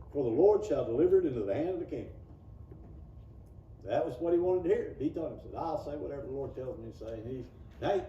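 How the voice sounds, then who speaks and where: A man teaching a casual Bible class, reading verses aloud and breaking into quick impressions of the people in them. His voice sits a little high but sounds mellow. He is heard from across an echoing church room. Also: a little hiss or hum. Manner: folksy, acts out the people he quotes; reads scripture aloud, then explains it. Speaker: Sunday school teacher. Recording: roomy, distant, dull room recording.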